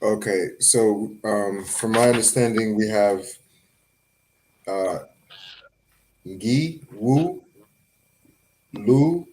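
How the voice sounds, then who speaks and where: A man's voice: lowish voice, extremely slow, long pauses, mellow, a little hiss or hum, rough recording. A male student in an online language lesson over a video call, answering hesitantly and tentatively.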